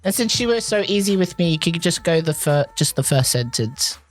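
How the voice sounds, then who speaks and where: A woman's voice: on the low side, animated, brisk, faint music behind. A pregnant woman co-hosting a podcast in casual chat, talkative and laughing often. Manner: warm-hearted, chatty, laughs often. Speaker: podcast co-host.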